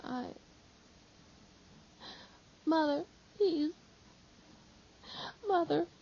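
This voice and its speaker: A woman's voice: very slow, gravelly, dark tone, slight background noise, heavily acted. A woman voicing a weeping, remorseful young male disciple, pleading through sobs. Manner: sobbing, pleading, high strained cries. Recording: slightly dull lo-fi audio.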